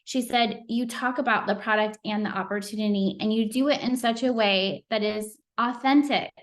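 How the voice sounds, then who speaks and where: A woman's voice: fairly high pitch, steady tone, normal speed. Earnest, chatty middle-aged woman. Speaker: team leader speaking on a sales call. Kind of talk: motivational team call talk.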